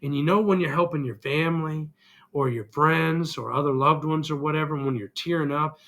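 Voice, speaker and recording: A man's voice: fairly high pitch, a little fast, a bit bright. A middle-aged man vlogging an earnest, emotional personal reflection, still getting over an illness. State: recovering from illness, congested.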